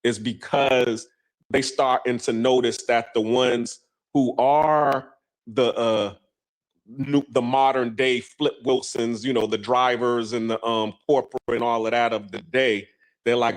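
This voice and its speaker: A man's voice: medium pitch, steady tone, measured pace, rough recording. Man telling stories with many fillers. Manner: rambling storytelling with many fillers. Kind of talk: casual discussion.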